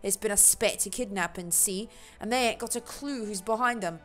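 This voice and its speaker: A woman's voice: medium pitch, moderate pace, a bit bright, faint music behind, close to an everyday voice. A woman doing a hearty old sea-dog tavern keeper with a put-on sailor brogue. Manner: rough, jovial, drawled. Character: gruff pirate-ish tavern keeper man, hearty and boastful.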